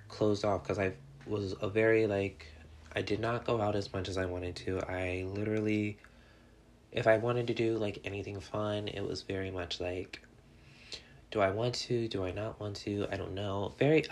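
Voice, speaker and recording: A person in their twenties hosting a casual solo podcast, rambling and candid, dropping "like" into almost every phrase and joking with the listeners. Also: mid-range voice. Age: 20s. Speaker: podcast host.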